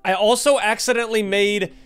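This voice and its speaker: A young man casually commenting on his own gameplay, excitable and jumpy, chatting to the animals on screen. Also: high-pitched, fairly quick, clear, resonant tone, soft background music. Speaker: gaming YouTuber. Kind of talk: casual let's-play commentary.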